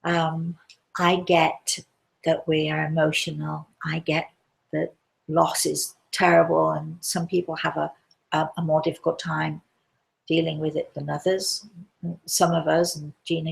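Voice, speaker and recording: Woman medium host, low gravelly voice, soft reassuring delivery. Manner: gentle, reassuring, calls listeners darling. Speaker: medium hosting a call-in show. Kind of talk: live show reading listener questions.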